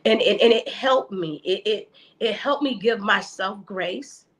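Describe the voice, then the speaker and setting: A woman's voice: mid-range voice, a little slow, low-quality recording. A woman guest talking earnestly and openly about faith and caring for her mother, often repeating words as she searches for them. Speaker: podcast guest. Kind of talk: casual faith conversation.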